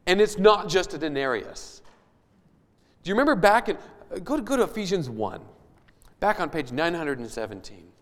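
A man preaches to his congregation, reading scripture and then unpacking it in a chatty, questioning way. His voice sits a little high. The sound rings out with the long reverb of a church hall. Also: very animated, moderate pace. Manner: reads scripture aloud then explains it conversationally, with rising emphatic questions. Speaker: pastor. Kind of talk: sermon.

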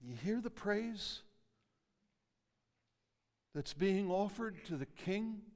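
A male pastor preaching a sermon, reading scripture slowly and emphatically, swelling and dropping in intensity. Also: high-pitched, lively intonation, a little mellow, long reverb tail.

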